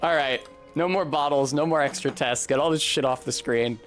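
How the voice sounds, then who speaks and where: A man hosting a casual gaming stream in an excitable, swearing way. He narrates his play with quick jokey asides. Faint music sits in the background. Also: on the high side. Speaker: streamer host.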